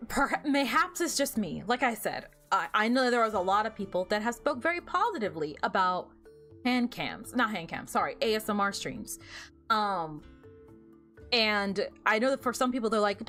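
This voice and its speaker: A woman's voice: medium pitch, sing-song, moderate pace, sharp tone, soft background music. A young woman streaming a game, chatting casually and giggling, with lots of fillers as she rambles. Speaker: VTuber streamer. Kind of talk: casual gameplay stream chat.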